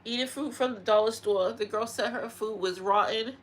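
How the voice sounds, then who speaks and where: A woman's voice: on the high side, moderate pace. A woman talking to her vlog camera in a frustrated, upset rant, sighing and repeating herself, close to tears at times. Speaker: vlogger.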